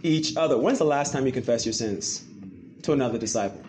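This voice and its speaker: A man preaching a sermon to a church congregation, animated and full of rhetorical questions. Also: medium pitch, a little fast, slight background noise. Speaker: pastor.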